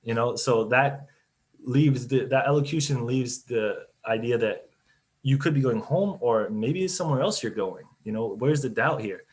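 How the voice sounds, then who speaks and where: Speaking at normal speed in a medium-pitched voice, a CEO on a webinar panel chats loosely through a video call microphone. His casual talk is peppered with fillers and frequent restarts.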